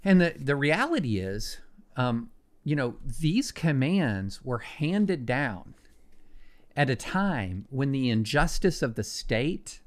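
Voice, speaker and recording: A man talking as a podcast guest, earnest and emphatic, pressing his points with conviction. His voice sits at a middle pitch for a man, and he often restarts his sentences as he builds an answer. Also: big pitch swings, takes it slowly. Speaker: guest commentator. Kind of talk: podcast conversation.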